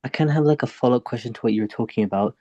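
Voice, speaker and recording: A man's voice: mid-range voice, very fast, dark tone, no echo, muffled recording. A man from the United States with a mix of American and British accent, asking a teacher a question hesitantly with many fillers. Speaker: student.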